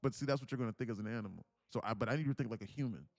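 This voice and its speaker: A man streaming live, casually teaching trading through an animated story, with many fillers and frequent laughter. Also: medium pitch, rapid-fire, vocal fry, dry recording, clean studio sound.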